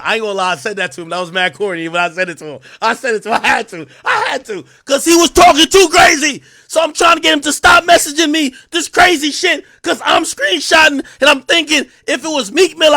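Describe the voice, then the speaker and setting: Male streamer telling a story, bright, high and jumpy delivery, swearing freely; dry close mic. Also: dry recording. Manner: excitable, profane, swings between loud outbursts and mumbled asides. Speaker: live streamer. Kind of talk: animated storytelling on a live stream.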